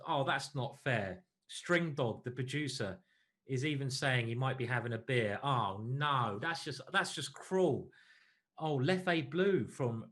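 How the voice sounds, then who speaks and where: A man commentating a chess stream in a relaxed, chatty way. He talks in a mid-pitched voice, moving from calm move-by-move analysis to friendly banter with the people watching. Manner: chatty, joking with viewers between analysis.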